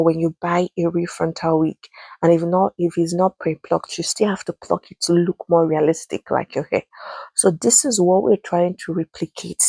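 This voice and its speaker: Nigerian-accented woman, low husky voice, patient tutor, dry close sound. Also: warm tone, no echo. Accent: Nigerian English. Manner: patient, repeats instructions, slow and emphatic. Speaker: wig-making tutor. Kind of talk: voice-over tutorial.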